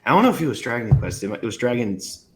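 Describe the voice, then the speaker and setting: A man joining a casual game podcast who speaks haltingly, stops and restarts, and often trails off. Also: medium pitch, sing-song, a bit bright, slightly rough. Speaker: podcast panelist. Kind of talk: casual chat.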